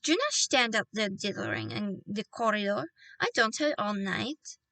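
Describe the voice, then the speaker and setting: A woman voicing an evil witch queen who barks loud, impatient commands. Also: medium pitch, wildly swooping pitch, normal speed, creaky, no echo, heavily acted, poor audio. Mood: snapping.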